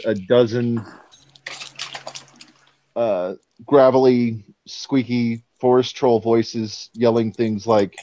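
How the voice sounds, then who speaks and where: A man runs a tabletop game in an unhurried, measured way, pausing often as he describes the scene. His voice is mellow and dark, coming through a dull, lo-fi online voice chat. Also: mid-range voice. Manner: slow, measured narration with pauses. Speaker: game master.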